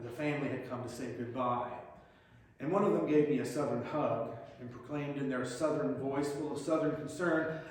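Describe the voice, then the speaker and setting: A man giving a plainspoken, direct personal reflection to a congregation. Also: medium pitch. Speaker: lay speaker giving a reflection. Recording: very echoey hall, mic far off.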